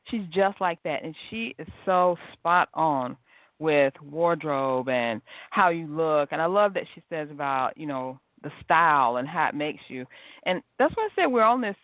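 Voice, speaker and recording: A woman's voice: low voice, lively intonation, normal speed, no echo. A woman hosting a podcast interview, bubbly and chatty. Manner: bubbly, chatty, laughs easily. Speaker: host. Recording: dry, tinny phone-line audio.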